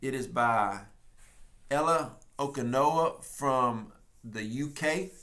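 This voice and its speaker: Preaching a prophetic sermon in a Texan accent, this man from Texas has a medium pitch and a fairly bright tone. He's folksy and emphatic, varies his pace, and now and then tells casual stories.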